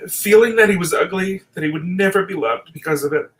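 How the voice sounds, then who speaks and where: A man's voice: sits high, normal speed, a bit bright, low-quality recording. A middle-aged man delivering an impassioned, profane late-night rant, at times teary. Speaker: video essayist.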